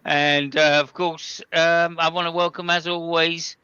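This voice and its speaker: A male podcast host chatting in a joking, rambling way. His voice is very bright and forceful, crisp and smooth, and a slightly higher pitch than most men. The recording is dry and a little dull. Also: level tone, a little slow, no echo. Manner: joking, rambling, playful stutters. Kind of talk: casual comedic race commentary chat.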